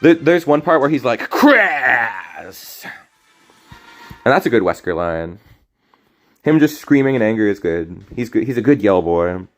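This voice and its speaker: A man's voice: lowish voice, animated, normal speed, darkish tone. Rambling, jokey man streaming a game. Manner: rambling, jokey, self-interrupting, apologetic. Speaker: streamer playing a card game. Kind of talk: casual gaming stream commentary. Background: faint game music.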